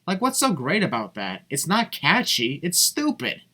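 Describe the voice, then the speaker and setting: A man's voice: fairly high pitch, wildly swooping pitch, moderate pace, music in the background. A man giving sarcastic voice-over commentary, blunt and mocking, swearing freely. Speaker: video commentator.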